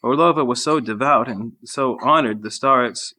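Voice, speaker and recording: Man, reader, saint's life, measured even reading, monastery refectory. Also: mid-range voice. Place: monastery refectory during a meal.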